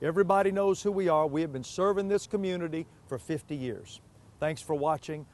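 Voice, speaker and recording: A man hosting a TV car sales show outdoors on a car lot, pitching used cars with emphatic, repeated prices. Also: brisk, a little mellow, slight background noise. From Pacific Northwest US.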